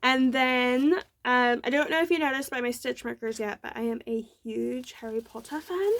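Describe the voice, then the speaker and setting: A woman's voice: on the high side, moderate pace, a bit bright. A young woman hosting a casual crafting show-and-tell, bubbly and gushing, rambling with lots of fillers. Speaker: knitting podcast host.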